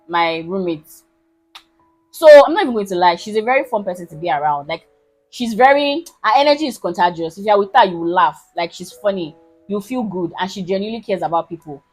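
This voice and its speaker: A woman in her twenties with a Nigerian accent, telling a personal story to her viewers in a casual, animated, emphatic way. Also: medium pitch, low-quality recording. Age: 20s. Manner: animated, emphatic, keeps asking listeners if they understand. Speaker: vlogger.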